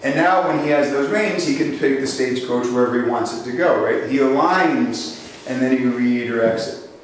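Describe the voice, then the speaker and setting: A mid-range male voice at normal speed belongs to a sales trainer running a live seminar, where he tells animated stories, mimics voices, and quizzes the audience. The recording, made from a distance in an echoey hall, carries a little hiss or hum.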